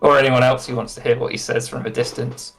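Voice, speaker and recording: A man narrating as game master for a tabletop role-playing session, in a relaxed, rambling way. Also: mid-range voice, quick pace, creaky, faint music behind.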